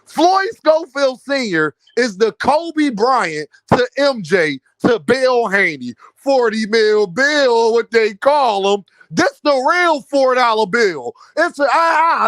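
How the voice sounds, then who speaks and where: A man's voice: very high-pitched, expressive, slow pace, fairly bright tone, no room sound. A man ranting about boxing to his viewers, mocking and incredulous. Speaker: boxing commentary vlogger. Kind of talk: animated boxing rant.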